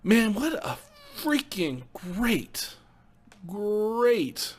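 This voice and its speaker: A young man giving casual movie commentary in a vlog, excitable and swearing freely, laughing often. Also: fairly high pitch, measured pace. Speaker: movie vlogger.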